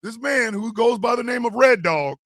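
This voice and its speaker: A man hosting a live stream show, telling animated, profane jokes in a casual rant. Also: very high voice, moderate pace, no echo, clean studio sound. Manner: animated, joking, profane storytelling. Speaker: host.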